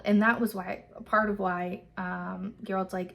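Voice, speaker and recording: A woman's voice: mid-range voice, fairly even intonation, moderate pace, vocal fry, hardly any pauses, fairly bright tone. A woman hosting a book club, casually recapping a chapter in a loose, filler-heavy way and swearing freely.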